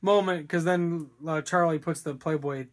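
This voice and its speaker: A man's voice: a little high, steady tone, moderate pace. A man co-hosting a casual podcast, rambling through a movie recap with laughs and crude jokes. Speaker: podcast co-host. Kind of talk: casual movie discussion chat.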